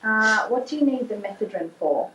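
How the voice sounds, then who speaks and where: A woman's voice: a little high, expressive, normal speed, lightly acted. An actress playing a chemist who politely questions a customer about the drugs he asks for. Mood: questioning. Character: wary female chemist at the counter. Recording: echoey room, far from mic, faint noise.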